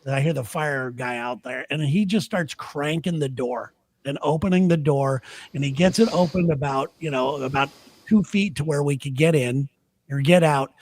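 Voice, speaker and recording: A man's voice: on the high side, normal speed, a little mellow. A man telling a rambling, laughing story in casual chat on a podcast. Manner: rambling, laughing anecdotes with restarts. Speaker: podcast host.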